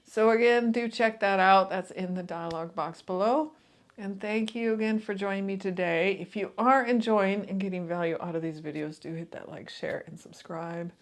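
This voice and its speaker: A woman coach giving a calm, soothing talk straight to her viewers, guiding them through breathing and grounding. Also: medium pitch. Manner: soft, soothing, unhurried delivery. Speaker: intuitive and transformational coach. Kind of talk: calm guided talk to camera.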